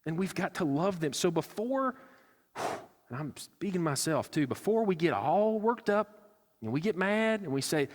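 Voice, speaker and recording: A man's voice: a little high, sing-song, measured pace. A male pastor preaching a sermon, earnest and conversational, slipping into acted-out asides. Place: church sanctuary. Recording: church hall with long reverb.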